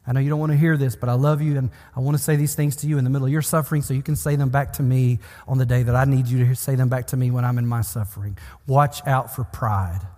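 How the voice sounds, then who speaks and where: A man's voice: medium pitch, steady tone, fast talker, few pauses, a little mellow. A man preaching a sermon in an earnest, pastoral way, building emphasis through repeated phrases. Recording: long hall reverb.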